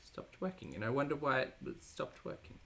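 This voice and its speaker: A woman's voice: a bass voice, sing-song, moderate pace. A woman hosting a livestream reaction show, chatty and sarcastic as she reads out chat messages. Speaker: reaction channel host.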